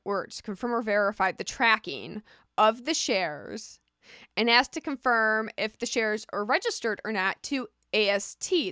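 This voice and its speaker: Woman, casual vlog talk, chatty, repeats "right?", bright tone, dry sound. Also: medium pitch, dry recording. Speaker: vlogger.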